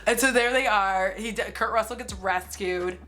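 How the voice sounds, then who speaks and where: A woman's voice: mid-range voice, normal speed, sharp tone, soft background music. A woman in her forties giving a casual, sarcastic movie recap, with lots of "like" and some swearing. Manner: chatty and sarcastic, heavy use of "like", swears freely. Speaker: movie commentary streamer.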